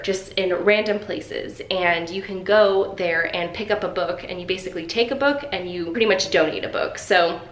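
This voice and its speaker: A woman's voice: mid-range voice, a bit bright, roomy sound, slight background noise. A young woman vlogging casually to camera, chatty and upbeat as she talks through her day. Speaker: vlogger and author. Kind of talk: casual vlog talk to camera. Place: home office and outdoors on a walk.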